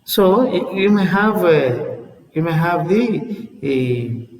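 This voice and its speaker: A man's voice: fairly high pitch, expressive, slow, darkish tone, reverberant, big-room sound, distant mic, poor audio. A man teaching an English lesson, repeating words aloud and checking in with "see?" as he explains. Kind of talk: classroom lesson on word stress.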